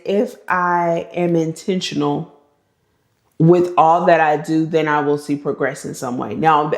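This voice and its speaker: A woman's voice: fairly low pitch, darkish tone, reverberant. A woman in her thirties chatting in a casual get-to-know-me vlog, talking freely and laughing often. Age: 30s. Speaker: lifestyle vlogger.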